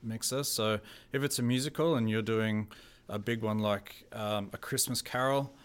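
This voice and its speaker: A man with a somewhat low voice talks about his theatre work in a relaxed interview. He pauses often, fills gaps with "um", and restarts his sentences as he goes. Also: smooth. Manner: halting, with many fillers and restarts. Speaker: theatre technical director and carpenter. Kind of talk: casual interview.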